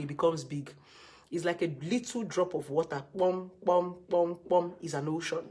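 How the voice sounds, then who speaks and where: A woman with a fairly low, darkish voice and a breathy edge gives blunt relationship advice. In this emphatic advice talk, she scolds her listeners and drills her points by repeating words.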